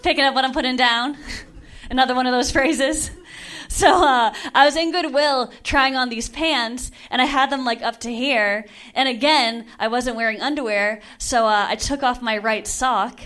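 Woman, twenties, stand-up comedian, deadpan delivery, laughs at her own jokes, bright voice. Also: sits high, normal speed. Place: comedy club stage.

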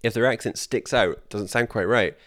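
A man's voice: fairly low pitch, moderate pace, a bit bright, dry recording, clean studio sound. A man co-hosting a podcast, talking through a film in casual, rambling chat full of "like" fillers and casual swearing. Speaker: podcast co-host.

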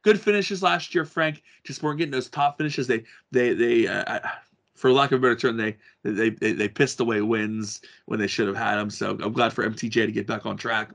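Gravelly man rambling about racing. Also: mid-range voice, a little fast, fairly bright tone. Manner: rambling, many restarts and fillers. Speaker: podcast co-host. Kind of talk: casual sports chat.

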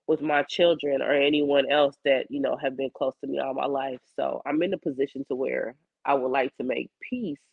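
Hoarse, coughing woman journaling candidly. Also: a bass voice, dry recording, narrow, tinny audio. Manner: candid, rambling, colloquial, reflective. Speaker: psychic medium keeping a video journal. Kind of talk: personal video journal.

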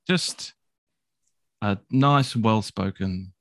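A man chatting casually as a co-host, relaxed and hesitant with restarts. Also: fairly low pitch, a little slow, vocal fry, dry recording. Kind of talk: casual chat.

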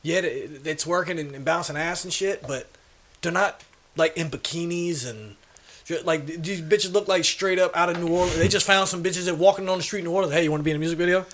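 Quick rambly co-host dude, kinda high voice, crude slang, faint hiss behind. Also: male voice, fairly bright tone. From Orangeburg, South Carolina. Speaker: podcast co-host. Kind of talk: casual podcast chat.

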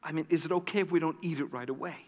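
A male preacher voicing a shy, lonely woman who speaks softly and haltingly. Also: high-pitched, fairly even intonation, in a large hall, pitched above the performer's own voice. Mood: shy, hesitant. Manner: hesitant, soft, halting. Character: lonely, timid woman at a diner.

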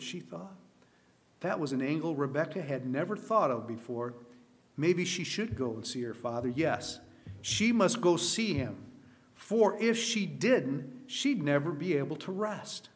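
A man's voice: a little high, lively intonation, unhurried. Earnest man reading a story aloud. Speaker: storyteller at a camp meeting.

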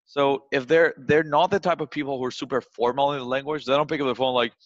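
A man's voice: mid-range voice, fairly even intonation, fast talker, hardly any pauses, no echo. A man giving casual sales advice, loose and chatty, tagging his points with "right?". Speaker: sales coach. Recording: dull, dry recording.

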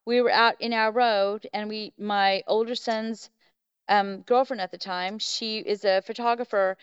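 A woman's voice: mid-range voice, fairly even intonation, measured pace, clear, resonant tone, no echo, lo-fi sound. A middle-aged woman, a podcast guest, telling a story in a rambling way full of fillers and restarts. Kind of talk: casual storytelling.

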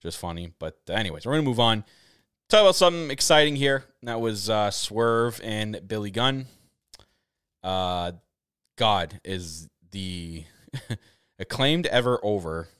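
Low, smooth-voiced Canadian man. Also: measured pace, no echo, studio quality. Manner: excitable, rambling, many restarts. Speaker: podcast host. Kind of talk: casual chat. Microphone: camera setup on a video call.

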